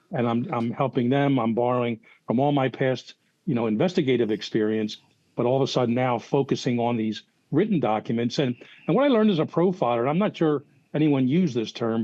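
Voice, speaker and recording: A man's voice: medium pitch, dark tone, no echo, muffled recording. An older man, a former profiler telling long anecdotes with many restarts and fillers. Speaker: guest, former FBI profiler. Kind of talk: casual podcast storytelling.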